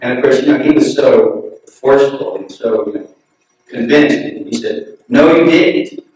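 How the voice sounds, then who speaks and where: A man's voice: mid-range voice, moderate pace. Man telling stories in an echoey hall. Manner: relaxed storytelling, chuckling often. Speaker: speaker at a memorial gathering. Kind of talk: anecdotal remembrance. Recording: very echoey hall, distant mic, noisy.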